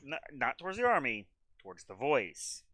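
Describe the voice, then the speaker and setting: A man's voice: medium pitch, huge pitch swings, normal speed, sharp tone, no echo. A man playing in a tabletop game, joking bluntly and swearing casually. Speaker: player.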